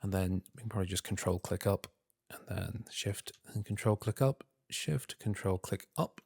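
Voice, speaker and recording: A man talking himself through a software tutorial, muttering and humming filler sounds between steps and calling himself an idiot. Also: fairly low pitch, vocal fry, no room sound, studio quality. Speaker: tutorial host. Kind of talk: screen-recorded software tutorial.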